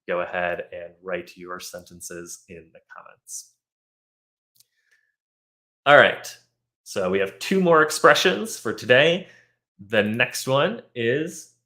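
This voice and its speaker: Guy teaching english live online, lowish voice, patient, lots of ums. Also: fairly bright tone. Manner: patient, explanatory, with frequent fillers.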